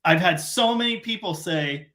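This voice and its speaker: A man's voice: high-pitched, lively intonation, moderate pace, bright, forceful tone. A middle-aged man from Canada hosting a casual live stream, rambling and self-deprecating in long run-on sentences.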